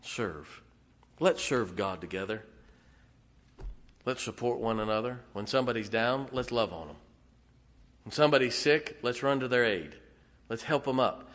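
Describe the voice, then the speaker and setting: Man, pastor, folksy sermon, hushed to loud, middle pitch, long church reverb. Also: animated, moderate pace. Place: church sanctuary.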